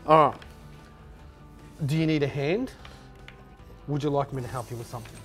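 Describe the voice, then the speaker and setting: A man's voice: mid-range voice, normal speed, fairly bright tone, faint music behind. A man who teases a friend, laughs often and talks with his mouth full. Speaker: friend timing the build. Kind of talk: casual chat.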